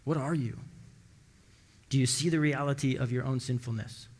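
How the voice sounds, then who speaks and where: A man preaching a sermon as pastor, telling stories and acting out the dialogue with lively shifts of voice. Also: moderate pace. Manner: storytelling, acting out dialogue with rising pitch. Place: church sanctuary. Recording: long church hall reverb.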